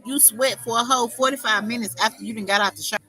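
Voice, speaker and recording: Bright, sharp-voiced woman ranting. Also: a little high, steady tone, fast, poor audio. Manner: confrontational, profane, scolding. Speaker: livestream host. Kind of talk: unscripted livestream rant.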